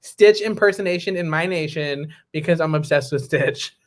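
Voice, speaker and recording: A man co-hosting a podcast in casual chat, playful and quick to joke and tease. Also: a little high. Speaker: podcast co-host.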